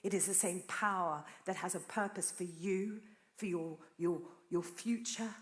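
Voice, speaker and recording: Woman preaching in an echoey church. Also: mid-range voice. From Britain. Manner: storytelling, earnest and animated. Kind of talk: sermon. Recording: roomy church echo.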